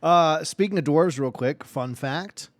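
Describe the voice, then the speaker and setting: A man's voice: on the high side, unhurried, noisy background. A man chatting casually at a tabletop game, easygoing and dry. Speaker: player.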